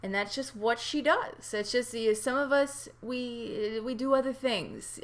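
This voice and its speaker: A woman's voice: on the low side, a bit bright. A young woman recapping a reality show in a casual, profane and rambling way, full of asides and jokes. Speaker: TV recap vlogger.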